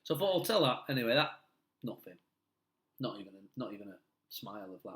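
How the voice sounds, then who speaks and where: This middle-aged comedian, Mancunian in accent, talks fast in a mid-range, fairly bright voice with big pitch swings. In casual chat he rambles through self-deprecating anecdotes, laughing along, and the recording has a roomy echo.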